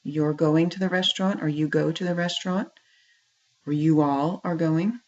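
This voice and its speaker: A woman with a low, steady, slightly mellow voice speaks at a normal speed while teaching a French lesson in a classroom. She patiently says French phrases and then translates them. The recording is dull and lo-fi.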